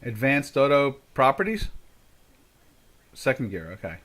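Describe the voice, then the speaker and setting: A man's voice: mid-range voice, sing-song, unhurried, a bit bright. An older man hosting a live trading stream, chatting casually and thinking aloud as he works. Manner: chatty, thinking aloud while fixing settings. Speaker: trading show host.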